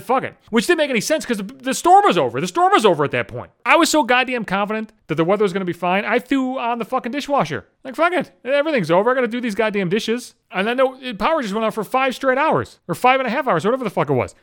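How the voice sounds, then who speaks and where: A man's voice: sits high, a bit bright. A young man from the Buffalo area, ranting casually with constant swearing and filler words, sounding exasperated. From Buffalo, New York. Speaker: vlogger. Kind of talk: profane casual rant.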